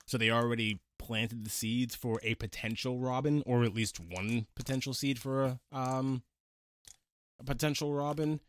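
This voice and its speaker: A man's voice: medium pitch, steady tone, normal speed. A man hosting a casual movie review chat, enthusiastic and gushing, often stammering as he restarts his sentences. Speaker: podcast host.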